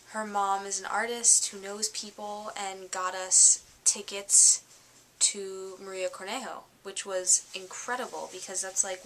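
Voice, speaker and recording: Chatty, bright-voiced tired young woman. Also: medium pitch, slight background noise. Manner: chatty and excitable, lots of fillers. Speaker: fashion vlogger. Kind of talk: casual vlog recap.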